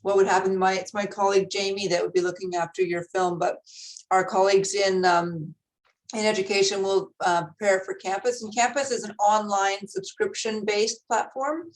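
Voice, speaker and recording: A woman's voice: mid-range voice, steady tone, moderate pace, low-quality recording. Friendly woman explaining on a video call. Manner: friendly, informative. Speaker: film board staff member. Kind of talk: casual explanation on a panel.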